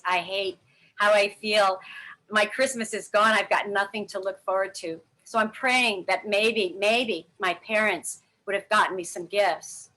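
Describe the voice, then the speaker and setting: A woman's voice: mid-range voice, bright, forceful tone. A woman interview guest telling a personal story candidly and emotionally, with frequent fillers.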